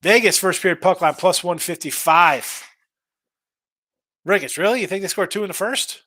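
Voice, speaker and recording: Guy doing a betting stream, kinda high voice, dry close mic, keeps restarting and rambling. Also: normal speed, pushed and bright, no room sound. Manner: rambling, reads chat messages aloud; restarts and repeats words often. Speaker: sports betting show host. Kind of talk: casual live-stream betting talk.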